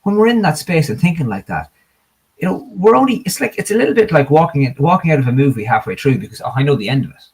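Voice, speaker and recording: A man speaking as a coach in a conversational interview, an animated storyteller. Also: on the high side, quick pace, slightly rough. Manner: animated storyteller, tells parables with acted villager voices. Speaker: guest coach.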